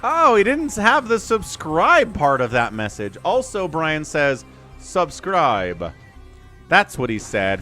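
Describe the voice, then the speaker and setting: A man casting a live-streamed strategy game, chatting with viewers and breaking into excited play-by-play during fights. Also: fairly high pitch.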